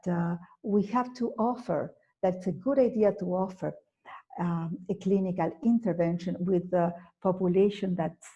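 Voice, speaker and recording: A native Spanish-speaking woman with an Argentine accent presents a therapy lecture in a measured, careful way. Her voice is dark and husky with a gravelly edge. She pauses on fillers and corrects herself as she goes. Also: on the low side, highs cut off. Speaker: psychotherapist presenting at a conference.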